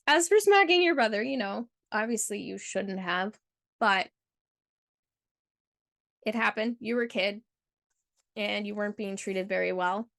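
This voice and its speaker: A woman's voice: mid-range voice, fairly even intonation, a little slow, creaky, long pauses, a bit bright, dry recording, clean studio sound. A woman hosting her channel, reading a viewer's submitted story aloud and then reacting with earnest, heartfelt commentary full of casual fillers. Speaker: channel host.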